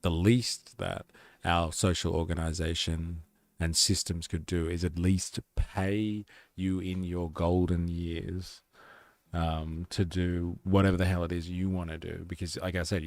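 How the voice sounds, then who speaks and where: A man's voice: sits low, no echo. A young man with an Australian accent, chatting casually on a live stream and reading out viewer comments. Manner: rambling, reads chat aloud.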